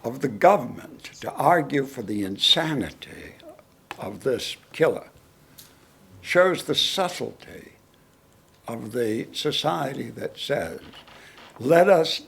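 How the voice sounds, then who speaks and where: Slow, gravelly-voiced male lecturer. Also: medium pitch, animated, fairly bright tone. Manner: deliberate, measured, wry. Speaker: guest lecturer answering questions. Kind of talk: unscripted lecture Q&A answer. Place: lecture hall.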